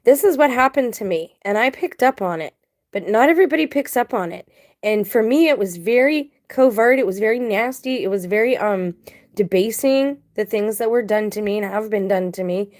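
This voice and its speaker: A woman's voice: mid-range voice, lively intonation, normal speed, a little mellow. A woman vlogging casual commentary to her viewers, blunt and emphatic, talking straight to the audience. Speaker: video blogger.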